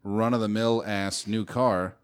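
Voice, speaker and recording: A man's voice: fairly low pitch, steady tone, a little slow, clear, resonant tone. A man chatting casually as a podcast co-host, laid-back, jokey and profane. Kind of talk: casual banter.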